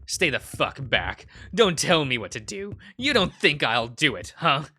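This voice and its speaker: Guy doing a nasty masked snow leopard thug, yelling threats, kinda high and sharp. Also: animated, normal speed, faint music behind. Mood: menacing. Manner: snarling, shouting threats.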